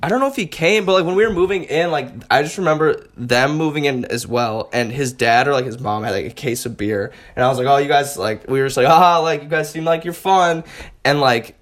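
A man's voice: mid-range voice, quick pace, few pauses. A young man in casual podcast chat, telling stories with lots of filler and frequent laughter.

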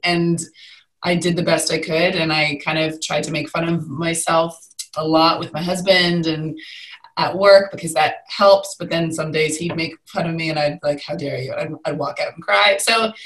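Woman, young adult, interview guest, candid and animated, fairly low voice, roomy echo. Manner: candid, animated storytelling with swings in pitch. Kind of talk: conversational interview.

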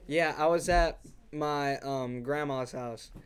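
Talking slowly in a fairly high voice, this young man co-hosts a podcast and rambles through a story with many fillers and restarts. Along the way he acts out voices and sounds in relaxed conversation.

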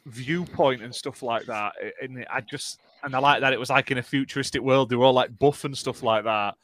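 A man's voice: mid-range voice, a little fast, a bit bright, slight background noise. A man, rambling through casual gaming-podcast chat with many restarts. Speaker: podcast co-host.

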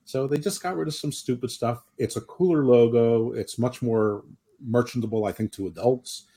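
A man's voice: medium pitch, moderate pace, mellow, husky. A man hosting a podcast in casual chat, opinionated and rambling, often restarting his sentences. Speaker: podcast host.

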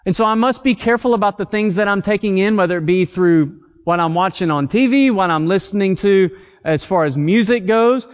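Male pastor, high voice, earnest storytelling sermon, muffled audio with a long echo. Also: a little fast. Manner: earnest, conversational preaching with scripture readings. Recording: dull audio with long hall reverb.

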